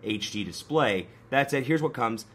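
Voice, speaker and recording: A man, hoarse and coming down with a cold, walking through a phone unboxing in a brisk, casual way. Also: medium pitch, lively intonation, a bit bright. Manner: brisk, conversational, pointing out features. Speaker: tech reviewer. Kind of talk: casual product unboxing walkthrough.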